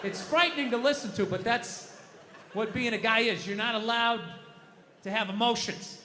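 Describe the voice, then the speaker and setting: A man's voice: extremely high pitch, moderate pace. A man in his fifties doing stand-up comedy on a live stage, telling stories in a profane, ranting way. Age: 50s. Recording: echoey hall with faint noise.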